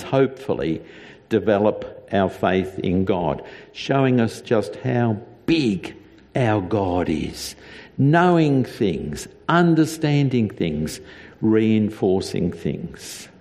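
A man preaching a sermon as a pastor, earnest and deliberate, with emphatic repetition. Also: lowish voice, animated, darkish tone, long reverb tail.

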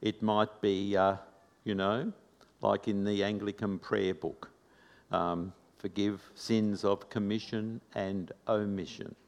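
A man preaching a sermon in a slow, reflective, measured way. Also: fairly low pitch, little pitch movement. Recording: long reverb of a large hall.

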